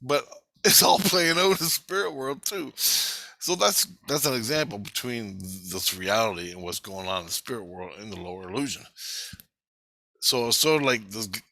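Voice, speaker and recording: A man's voice: mid-range voice, normal speed, vocal fry, sharp tone, dry recording. A middle-aged man telling a rambling, profane story from his childhood in a casual spoken way.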